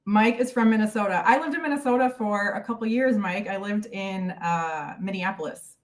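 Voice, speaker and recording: Hosting a casual live stream Q&A from home, this American YouTuber greets viewers by name, bubbly, chatty and a little breathless. Her voice is mid-range at a moderate pace, picked up by a distant mic.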